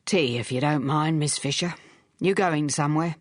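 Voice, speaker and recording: A weary, blunt police inspector of middle age with an abrupt way of speaking, as a woman narrator reads him. His lines sit low and plain in a dry, close recording. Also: moderate pace, no echo.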